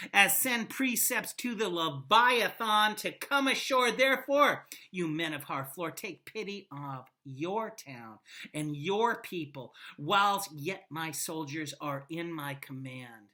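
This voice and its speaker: A woman reading a stern warrior king's threat to a besieged town, declaiming slowly and with menace. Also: mid-range voice, bright, forceful tone. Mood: menacing.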